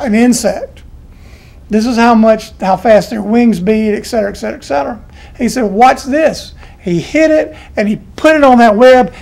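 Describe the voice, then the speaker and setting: A man giving a college business lecture, telling folksy, animated stories and acting out the quotes. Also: sits high, vocal fry. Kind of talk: classroom lecture with anecdotes.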